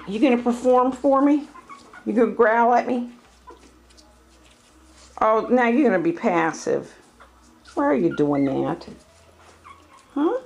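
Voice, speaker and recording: Woman breeder talking to puppies in cooing baby talk; unhurried, with a lively, swooping sing-song. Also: medium pitch, gravelly. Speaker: dog breeder filming her litter. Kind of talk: casual talk to puppies while filming. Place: home, by a whelping box. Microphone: handheld camera.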